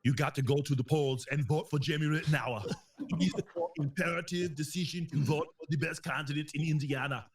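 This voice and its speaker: A man's voice: fairly high pitch, a little fast, far from the mic, crowd noise, lightly acted. A man doing a stiff commanding action hero. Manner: clipped, commanding, formal phrasing.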